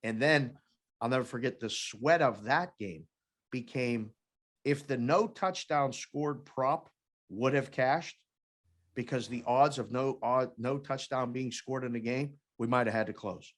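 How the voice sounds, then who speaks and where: A man co-hosting a sports betting podcast, talking casually and telling stories with animated energy. He acts out the people he quotes with lively jumps in voice. The pitch sits in an ordinary middle range. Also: a little slow. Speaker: podcast co-host, former sportsbook oddsmaker. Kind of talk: casual chat, storytelling.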